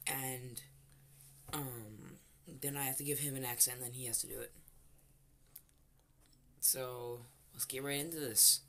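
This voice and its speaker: A man's voice: mid-range voice, fairly even intonation, unhurried, long pauses, pushed and bright. A young man explaining a game in a casual vlog chat, rambling with fillers and teasing, with faint background noise. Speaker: vlogger.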